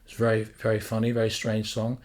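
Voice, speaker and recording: A man teaching songwriting in a casual, rambling way, thinking out loud as he works through ideas. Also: on the low side, monotone, a little fast. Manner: rambling, thinks aloud, sings lyric drafts. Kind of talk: casual thinking-aloud lesson.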